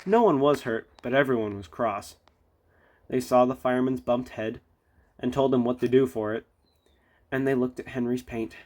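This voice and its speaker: Guy reading a kids train book out loud, chatty little asides. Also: medium pitch, normal speed, pauses often. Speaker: storybook reader. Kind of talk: reading a children's book aloud.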